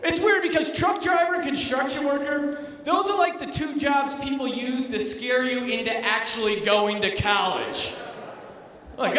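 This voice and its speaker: Stand-up comic, man, high voice, sarcastic and self-mocking, heard from far off in a long echoey hall. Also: unhurried, sharp tone, slight background noise. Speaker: stand-up comedian. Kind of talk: stand-up comedy set. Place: theater stage before a live audience.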